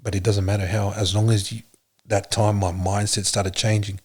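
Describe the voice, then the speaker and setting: A man, a podcast guest, telling his story in an earnest, halting way with many fillers. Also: on the low side, little pitch movement, husky. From Australia. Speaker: podcast guest, police officer. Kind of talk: casual interview talk.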